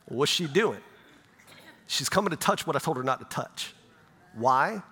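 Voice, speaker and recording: A man's voice: fairly high pitch, lively intonation, measured pace, sharp tone, slightly rough. A middle-aged male pastor preaching a sermon in a conversational way, often checking in with "right?". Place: church sanctuary. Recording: long church reverb.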